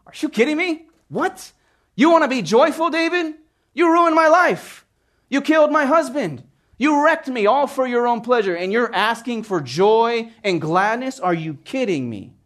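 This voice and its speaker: A man voicing an indignant wronged woman who scolds in a high, incredulous voice during a sermon. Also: huge pitch swings, fairly quick, few pauses. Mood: outraged.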